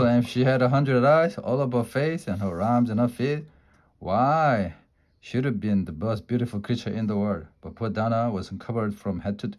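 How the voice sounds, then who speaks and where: Man reading a children's story aloud. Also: mid-range voice. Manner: lively, expressive reading.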